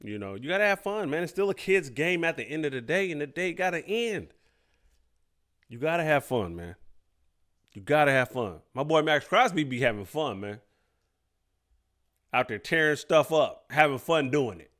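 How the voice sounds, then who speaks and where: A man's voice: on the high side, normal speed, pauses often. A man hosting a podcast, giving casual reaction commentary with slangy jokes and frequent laughs. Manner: animated, joking, slangy, laughs often. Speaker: podcast host reacting to a clip.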